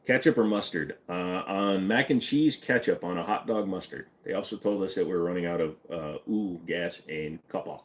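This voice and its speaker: Deep-voiced man answering live chat. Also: normal speed, few pauses. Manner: blunt, joking, reads chat questions aloud then answers. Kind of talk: casual live-stream chat.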